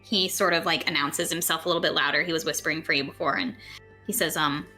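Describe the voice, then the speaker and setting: Bright-voiced giggly woman game master. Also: low-pitched, fairly even intonation, quick pace, soft background music. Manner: giggly, loose, full of fillers. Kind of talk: narrating a tabletop game.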